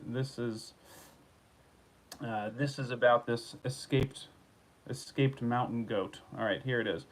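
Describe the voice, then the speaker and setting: A man's voice: mid-range voice, poor audio. A man hosting his own show, reading odd news stories aloud and riffing on them sarcastically, full of restarts and asides, recorded at home. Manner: rambling, sarcastic, restarts and riffs on news he reads. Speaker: host. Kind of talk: solo comedic news rant.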